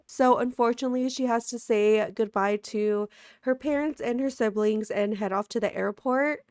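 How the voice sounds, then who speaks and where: A woman's voice: medium pitch, moderate pace, a little mellow, clean tone, dry recording. A woman hosting a let's play, chatty and giggly, talking to her viewers while sleepy and sick. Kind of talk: casual gameplay commentary.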